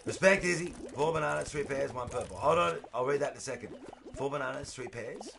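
A man livestreaming a game, chatting with viewers, greeting them by name, and shouting when excited. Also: medium pitch, a little fast, vocal fry. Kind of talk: casual gaming stream commentary.

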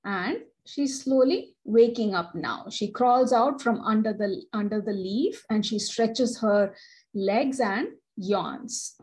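A woman with an Indian English accent reading a story aloud to children and explaining the pictures gently. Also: medium pitch, slow, low-quality recording.

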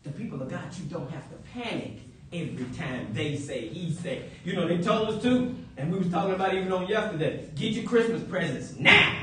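A man preaching a sermon, animated and playful, breaking into high whoops and chuckles. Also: a little fast. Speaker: pastor. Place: church sanctuary. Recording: echoey church from a distant mic.

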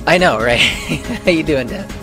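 A man's voice: fairly high pitch, animated, unhurried, music in the background. A man casually joking and laughing as he comments on a video game while streaming.

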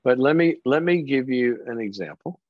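A man's voice: mid-range voice, expressive, normal speed, phone-quality sound, slight background noise. A middle-aged man hosting a call-in advice show, playful and emphatic, teasing the caller to make his point. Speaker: call-in show host, counselor.

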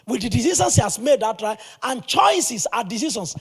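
A male pastor preaching a sermon in an animated, emphatic way, with sudden loud bursts. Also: very high-pitched, brisk, husky.

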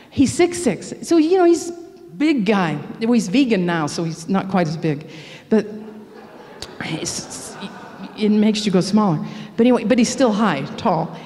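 A woman's voice: fairly high pitch, darkish tone. A middle-aged woman telling a candid, confessional story in a sermon at a church speaker event. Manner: earnest, confessional, candid about her faults. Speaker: speaker at a prayer seminar. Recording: long reverb of a church hall.

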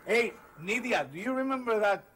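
A man's voice: high-pitched, expressive, moderate pace, a bit bright. A man from Rico, presenting a children's TV show in an upbeat, explaining way. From Puerto Rico. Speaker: host.

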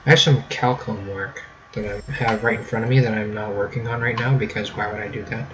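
Fairly quick and steady in tone, a lowish male voice delivers casual let's-play commentary. The host, a young American man, rambles, jokes, and leans on mock-British catchphrases, while a faint hum runs in the background.

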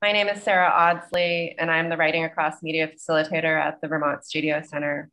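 A woman's voice: deep voice, flat delivery, a little fast, sharp tone, low-quality recording. A woman facilitator reading a polite, earnest introduction of a guest speaker over a video call. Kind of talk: scripted introduction.

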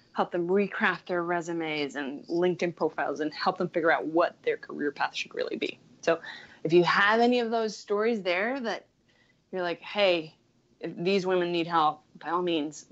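A woman's voice: lowish voice, muffled recording. A woman in her thirties, a guest career coach, chatting with enthusiasm and saying "like" often. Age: 30s. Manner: enthusiastic, chatty, many "like" fillers. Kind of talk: casual interview talk.

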